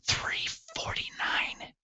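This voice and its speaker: A man's voice: slow pace, bright, forceful tone, dry recording. Man whispering as a jittery secretive clerk. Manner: whispering, evasive. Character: hushed male office clerk, nervous and secretive. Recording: dull, dry lo-fi sound.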